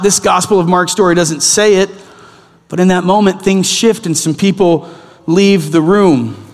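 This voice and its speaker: Male pastor, middle-aged, lively storytelling sermon, high voice, long echo. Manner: animated, acts out the people in his stories. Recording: long hall reverb.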